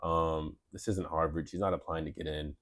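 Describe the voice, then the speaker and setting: A man's voice: a bass voice, fairly even intonation, moderate pace, a bit bright. A man co-hosting a casual comedy podcast, sarcastically reading and mocking dating profiles. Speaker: podcast co-host.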